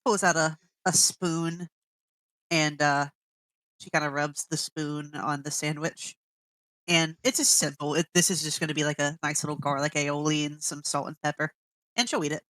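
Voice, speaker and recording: A woman with a low, dry, close voice takes her turn in a tabletop game. She describes her character's actions in a relaxed, chatty way. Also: normal speed, dry recording. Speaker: player. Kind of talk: tabletop role-play chat.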